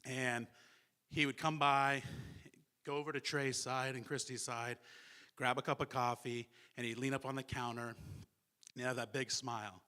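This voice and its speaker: A man's voice: medium pitch, steady tone, normal speed, long pauses, pushed and bright, clear, resonant tone. A man speaking at a memorial service, recalling a friend in a heartfelt eulogy and acting out the dialogue of a remembered dream. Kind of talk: memorial speech.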